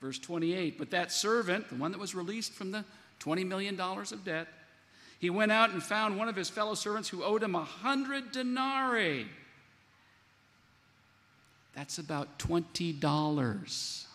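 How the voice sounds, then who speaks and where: Animated preaching man in a reverberant hall. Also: high voice, a little slow. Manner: animated preaching, acts out quoted lines. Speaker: pastor. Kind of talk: sermon.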